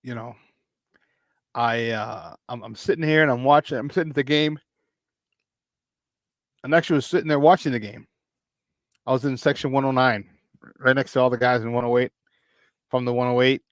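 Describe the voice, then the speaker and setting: A man from hosting a casual morning sports talk show, rambling and excitable, breaking into laughs. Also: medium pitch, moderate pace, pauses often, no room sound, clean studio sound.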